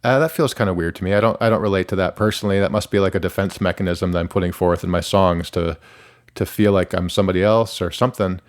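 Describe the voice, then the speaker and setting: Talking fast in a low, steady voice, this middle-aged Michigan musician gives a candid interview as a guest. His speech rambles, full of restarts, self-interruptions and frequent "like"s.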